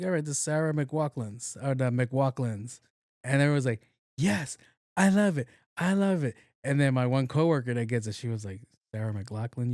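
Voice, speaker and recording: A man's voice: mid-range voice, dark tone, dry recording. Guy on a podcast cracking jokes and swearing a lot, voices everyone in his story, dry close sound. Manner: profane, joking, acts out dialogue. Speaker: podcast host. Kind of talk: casual storytelling.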